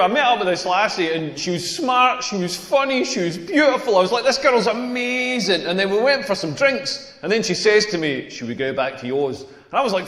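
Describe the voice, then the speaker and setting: A Scottish man in his forties telling wry, self-mocking stand-up stories with quick put-on voices. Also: on the high side, a bit bright. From Scotland. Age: 40s. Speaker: stand-up comedian. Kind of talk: stand-up comedy set. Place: comedy club stage, echoey room. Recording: echoey hall with long reverb.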